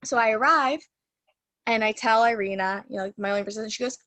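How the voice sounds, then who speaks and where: A woman's voice: on the high side, fairly quick, a bit bright, no room sound. A woman Reiki teacher telling a story in a casual, chatty way over a video call from her home, full of fillers. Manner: chatty, lots of "like" and "you know" fillers.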